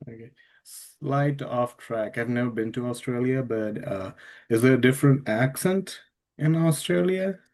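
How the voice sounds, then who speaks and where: A man's voice: mid-range voice, measured pace, darkish tone. A man hosting a podcast interview, speaking hesitantly with many fillers and encouraging his guest. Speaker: podcast host.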